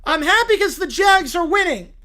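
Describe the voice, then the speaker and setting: A cheerful cartoon boy, voiced by text-to-speech, who speaks in slow, simple, eager phrases. His voice is high and lively. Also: exaggerated voice. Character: cheerful cartoon boy, a young football fan.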